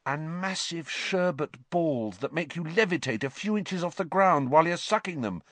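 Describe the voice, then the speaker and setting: Male narrator doing an excitable teen schoolboy; bouncy, offhand delivery. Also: fairly high pitch, moderate pace, no room sound, voice pushed up. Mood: dreamy. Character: excitable greedy teenage schoolboy wizard.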